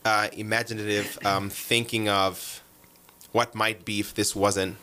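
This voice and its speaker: A man's voice: lowish voice, flat delivery, a little slow, bright, forceful tone, slight background noise. A young man from Uganda, chatting casually and animatedly as a guest with many fillers. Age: young adult. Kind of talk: casual chat.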